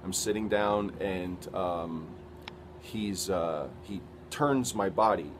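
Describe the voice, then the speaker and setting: A man giving an earnest, halting personal testimony, retelling events with quoted dialogue. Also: low-pitched, noisy background.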